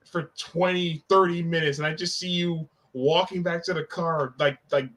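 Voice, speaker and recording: A man's voice: fairly high pitch, steady tone, normal speed, a bit bright, poor audio. A man talking casually as a podcast guest, joking and poking fun at himself. He drops into little acted-out quotes while he tells his stories. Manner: joking, self-deprecating, acts out quotes. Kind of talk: casual chat.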